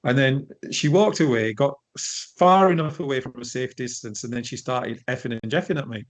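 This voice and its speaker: Brief: middle-aged man, guest coach, animated storyteller, mid-pitched voice. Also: brisk. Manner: animated storytelling, frequent restarts. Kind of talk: conversational interview.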